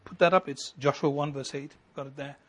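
A middle-aged male pastor preaching a sermon, building to emphatic lines and then dropping to a quiet, intimate tone. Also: a little high, steady tone, brisk. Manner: preaching with rising emphasis and sudden soft drops.

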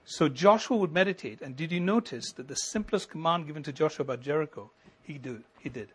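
Preaching briskly with hardly a pause, a middle-aged pastor speaks in a husky, faintly breathy, somewhat high male voice. His animated sermon builds to ringing peaks and then falls abruptly into soft, close delivery.

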